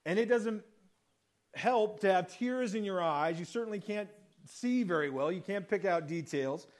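A man's voice: high-pitched, animated, moderate pace. A man preaching a sermon in a conversational way, acting out the quoted lines of the story. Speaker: pastor.

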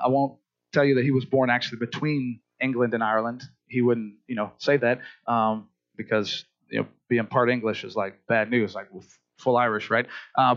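Male pastor, high voice, animated storyteller, slightly muffled recording. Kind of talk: sermon.

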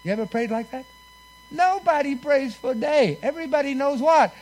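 A man preaches a sermon at normal speed, expressive as he leads the congregation in call-and-response. He swings between booming lines and hushed ones.

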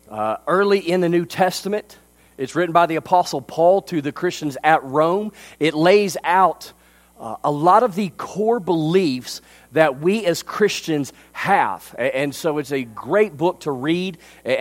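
A male pastor, preaching a sermon and telling a story with frequent fillers. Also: on the high side.

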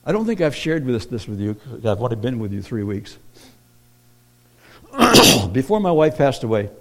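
A man preaching a sermon, moving from hushed personal storytelling to loud, emphatic declarations. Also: mid-range voice, big pitch swings, normal speed. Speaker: pastor.

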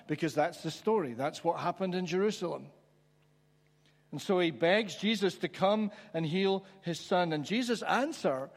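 A man preaching a sermon, reflective and conversational, pausing for emphasis. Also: fairly high pitch. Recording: church hall with long reverb.

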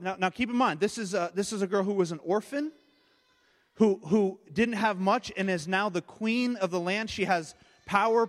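A pastor with a high-sitting voice preaches a sermon, and the sound carries a big-room quality. He retells a story as he goes, frequently repeating his words along the way.

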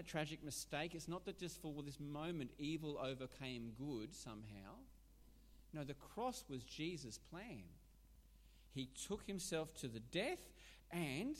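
A man delivers a sermon with emphatic, animated drive. His pitch climbs and falls widely as he presses his points. Long reverb rings around him in the hall. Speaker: preacher.

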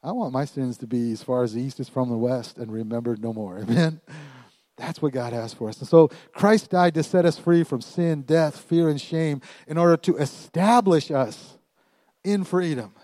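Animated pastor preaching a sermon. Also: male voice, medium pitch, normal speed, dry recording. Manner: animated, call-and-response with congregation; emphatic, swings from quiet to loud. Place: church.

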